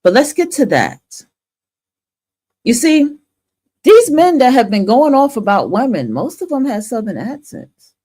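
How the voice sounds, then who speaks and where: A woman's voice: high voice, sing-song, a little slow, long pauses, dark tone. A woman from the northern United States hosting a talk stream and giving a blunt, profane opinion monologue, often restarting her sentences.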